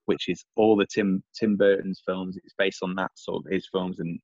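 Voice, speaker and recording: Low-voiced English man, rambling chat. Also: flat delivery, moderate pace, darkish tone, no room sound, dull audio. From England. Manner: rambling, repeats himself, many restarts and fillers. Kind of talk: casual chat over a call.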